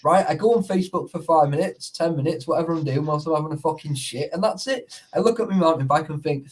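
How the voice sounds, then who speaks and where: Man, talkative and profane, voice a touch high, keeps checking you're with him. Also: fast, few pauses, slightly rough, distant mic. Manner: sweary, rambling, keeps asking "you know what I mean". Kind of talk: casual chat.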